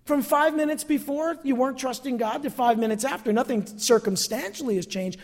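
High-voiced preaching man, echoing hall. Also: brisk. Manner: expressive preaching, calls for amens. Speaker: pastor. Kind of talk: sermon.

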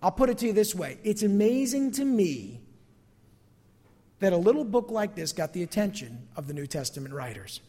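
A man preaching a sermon as pastor, expressive and calling out to his congregation for amens. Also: high-pitched, moderate pace, long reverb tail.

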